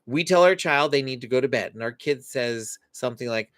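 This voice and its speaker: A man hosting a live parenting Q&A stream, explaining in an animated way and acting out what parents and kids say. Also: mid-range voice, a little fast, hardly any pauses, no room sound. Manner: animated, acts out parent and child quotes. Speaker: parenting show host.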